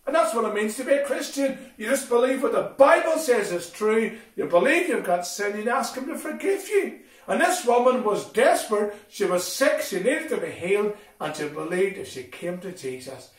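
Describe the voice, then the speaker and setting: A man telling a Bible story to children at a school assembly, animated and expressive as he talks to them directly. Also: high voice, normal speed. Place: school hall. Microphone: distant from the recording mic. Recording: echoey hall from far off.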